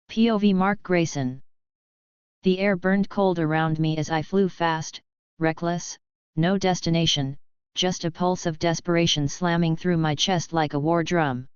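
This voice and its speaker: Woman reading a fanfic audiobook, slow and steady, super clear voice, kinda dull dry recording. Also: fairly low pitch, no echo. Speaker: audiobook narrator. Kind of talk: first-person fanfiction audiobook narration.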